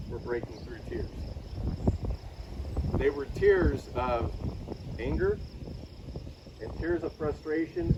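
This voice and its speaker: Pastor preaching outdoors over loud insect noise. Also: male voice, mid-range voice, recorded from a distance. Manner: personal storytelling, conversational. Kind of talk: sermon.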